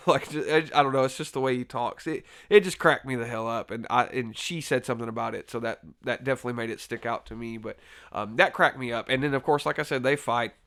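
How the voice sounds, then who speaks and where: A man's voice: medium pitch, fast talker, a bit bright. A man casually reviewing a horror film, rambling with lots of fillers and restarts and laughing easily. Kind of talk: casual spoken movie review.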